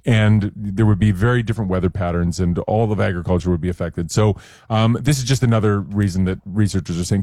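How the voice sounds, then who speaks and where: A man's voice: on the low side, brisk, warm tone, dry recording, clean studio sound. A man speaking as the science expert on a radio talk show, explaining things in a casual, chatty way with small jokes.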